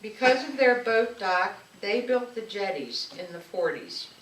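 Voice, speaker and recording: A woman's voice: mid-range voice, lively intonation, unhurried. A woman speaking at a community event, telling fond personal stories in the manner of a public speech. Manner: fond, storytelling, warm recollection. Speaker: local speaker at an anniversary event. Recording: echoey room, distant mic, faint noise.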